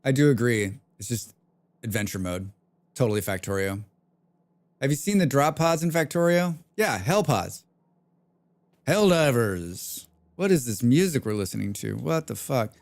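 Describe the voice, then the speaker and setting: A man's voice: medium pitch, lively intonation, normal speed, creaky. A man livestreaming a game, chatting casually and rambling with plenty of swearing while reacting to chat. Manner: rambling, profane, reads chat aloud.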